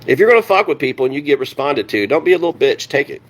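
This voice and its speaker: A man's voice: fairly high pitch, lively intonation, fast. A man ranting on a live stream, heated and sarcastic, swearing constantly and answering his chat. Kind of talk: profane live-stream rant.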